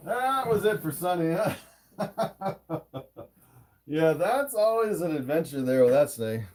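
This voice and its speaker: Male streamer, slightly high voice, casual and chatty, slightly sore throat, phone mic. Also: darkish tone. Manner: laughs often, chatty with frequent fillers. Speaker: livestream host and snake breeder. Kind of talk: casual livestream chat. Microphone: phone camera.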